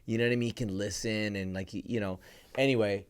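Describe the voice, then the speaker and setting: Young adult male podcast co-host, lowish voice, loose and rambling delivery. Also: steady tone, fast talker, clean tone. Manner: rambling, heavy use of "like" and "bro". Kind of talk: casual storytelling chat.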